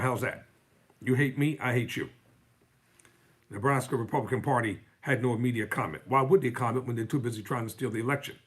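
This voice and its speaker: A man with a husky, slightly rough voice hosts a live show, reading the news aloud in a mid-range pitch. He keeps interrupting the article with fiery, sarcastic remarks. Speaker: live-stream host.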